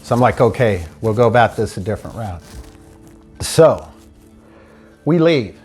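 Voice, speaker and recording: A man's voice: fairly low pitch, lively intonation, a little slow, darkish tone, breathy edge, faint music behind. A man casually telling a personal story, acting out what each person said in turn. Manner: acts out dialogue, quoting each person in turn. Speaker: storyteller recounting his stolen car. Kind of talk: casual spoken anecdote.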